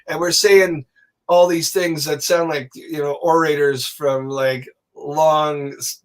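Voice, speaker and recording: A man telling a long personal story as a podcast guest, animated and swearing, acting out the voices of people he quotes. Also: on the high side. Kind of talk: casual storytelling.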